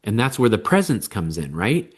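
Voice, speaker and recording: A man's voice: on the low side, very animated, normal speed, breathy edge. Man explaining with acted-out quotes. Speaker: parenting coach. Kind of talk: podcast interview.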